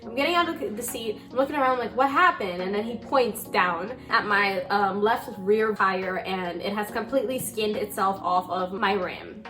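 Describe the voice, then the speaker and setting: A woman in her twenties telling a story in casual chat, animated and rambling, with a lot of swearing. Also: medium pitch, normal speed, few pauses, music in the background. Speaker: vlogger.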